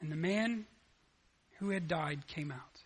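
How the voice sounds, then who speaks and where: A man preaching a sermon, animated and acting out the scripture dialogue as he retells it. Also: on the high side, takes it slowly, breathy edge. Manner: animated, acts out the scripture dialogue in lively voices. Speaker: pastor.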